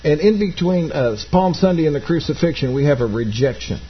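A man's voice: on the high side, expressive, a little fast, breathy edge, dull audio. A man preaching a sermon, reading scripture aloud and explaining it in plain asides to his congregation. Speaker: pastor.

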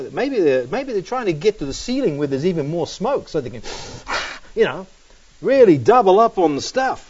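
A man's voice: on the high side, very animated, brisk, a little mellow, husky. A man preaching a sermon, telling stories casually and often dropping "man" and "you know.". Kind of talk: sermon with storytelling. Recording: dull, distant recording.

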